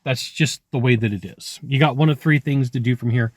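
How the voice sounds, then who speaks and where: A man's voice: mid-range voice, fairly quick, no room sound, studio quality. A man who works as a sales trainer, giving blunt, conversational coaching advice straight to the viewer. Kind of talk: direct-to-camera coaching talk.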